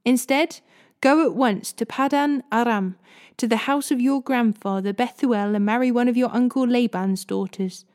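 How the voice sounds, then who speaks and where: A woman reading the lines of an old father, solemn and measured. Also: fairly high pitch, warm tone, lightly acted. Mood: blessing. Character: old blind father, grave patriarch.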